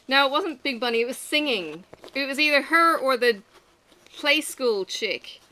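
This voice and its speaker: Middle-aged woman vlogger, bright tone, loose candid chatter with swearing. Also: high voice, animated, moderate pace. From Australia. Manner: rambling, candid, swears freely. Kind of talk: casual chat while working.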